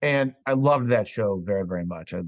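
A man's voice: on the low side, animated, brisk, dry recording. A man as a podcast guest, telling stories in loose, casual chat, swearing often and laughing as he talks.

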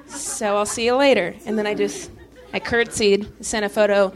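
A young woman doing a stand-up set on a club stage, talking in a deadpan, halting way with many restarts. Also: on the high side, crowd noise. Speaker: stand-up comedian.

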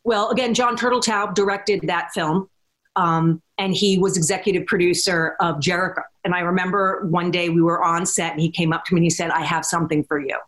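A middle-aged woman, an actress guest, telling animated behind-the-scenes anecdotes in casual chat, with frequent restarts and acted-out quotes. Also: fairly low pitch, fairly quick. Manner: animated storyteller, acts out quotes, many restarts.

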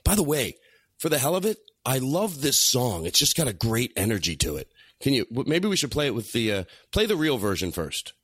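Man, podcast host, animated swooping delivery, rambling, dry close studio mic. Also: medium pitch, fairly quick, husky, dry recording. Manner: excitable, laughing, rambling with restarts. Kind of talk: casual comedy podcast chat. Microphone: studio microphone.

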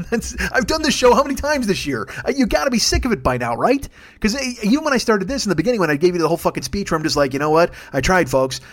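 A man's voice: high-pitched, sing-song, rapid-fire. A middle-aged man hosting a podcast, delivering an angry, profane political rant and mocking opponents in put-on voices. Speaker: podcast host.

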